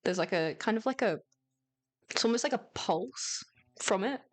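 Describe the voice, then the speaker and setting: A woman's voice: medium pitch, animated, moderate pace. A woman narrating as game master, casual and laughing, often searching for words.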